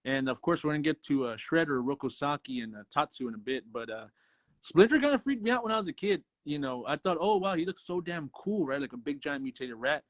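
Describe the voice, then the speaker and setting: A man's voice: a little high, fast talker, no room sound. A man co-hosting a movie review show, chatting casually, swearing often and acting out scenes. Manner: profane, animated, acts out scenes. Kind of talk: casual chat.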